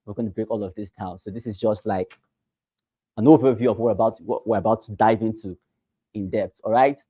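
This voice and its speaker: A man's voice: lowish voice, fairly even intonation, fairly quick, dark tone, breathy edge, no room sound, muffled recording. A Nigerian man teaching a class for realtors, repeating key phrases and quizzing the listeners with rhetorical questions. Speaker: real estate trainer.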